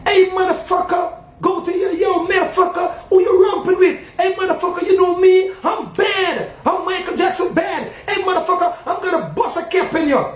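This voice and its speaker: A man putting on the voice of a boastful American street tough, shouting swaggering taunts in a roomy, echoing space. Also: very high voice, steady tone, normal speed, few pauses, pitched above the performer's own voice. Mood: taunting. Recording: roomy echo.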